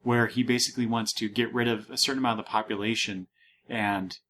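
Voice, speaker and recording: A man's voice: fairly low pitch, steady tone, quick pace, fairly bright tone, slight background noise. A man hosting a casual podcast, talking through a comic book with many restarts and fillers, reading panels aloud. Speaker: podcast host.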